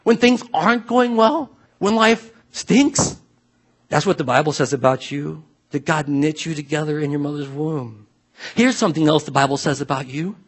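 A pastor delivers his sermon in a high, slightly husky voice. He talks to the congregation like a friend, then presses his points home by repeating them with emphasis. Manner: emphatic, conversational preaching with repeated phrases.

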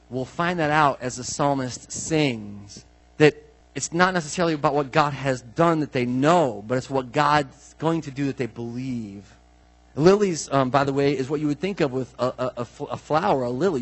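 A man's voice: medium pitch, breathy edge, low-quality recording. Man preaching a conversational sermon. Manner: conversational, asks the congregation questions; rises to emphatic, drawn-out declarations. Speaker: pastor.

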